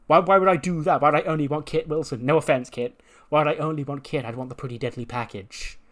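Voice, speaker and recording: A man's voice: mid-range voice, steady tone, brisk, fairly bright tone, lightly acted. A man voicing an exasperated female manager who scolds and protests indignantly.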